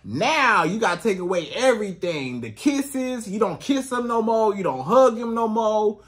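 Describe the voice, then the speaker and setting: Man relationship coach, high for a male voice, emphatic and repetitive, talks right at the viewer. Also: very animated, normal speed, a bit bright. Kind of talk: direct-to-camera advice monologue.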